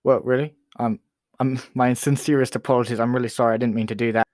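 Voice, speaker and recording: A man hosting a comedy talk show sketch, chatty and quick to apologize. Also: medium pitch, fairly even intonation, a little mellow, dry recording.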